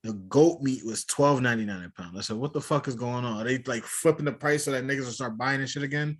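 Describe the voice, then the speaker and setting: A man's voice: mid-range voice, fast, husky. A man co-hosting a casual podcast chat, joking and laughing often in loose slangy banter. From West Indian family. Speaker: podcast co-host.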